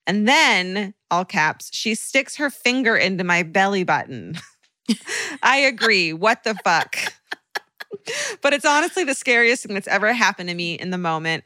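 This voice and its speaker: Bright, animated woman podcast co-host. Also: fairly low pitch, dry recording. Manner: animated, laughs often, swears freely. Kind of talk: casual chat, reading listener stories aloud.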